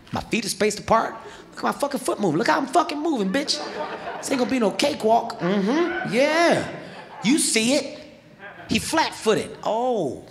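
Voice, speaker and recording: A male comedian telling a story on stage into a handheld mic, animated and profane, acting out scenes. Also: very high voice. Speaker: stand-up comedian. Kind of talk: stand-up storytelling. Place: large comedy venue on stage.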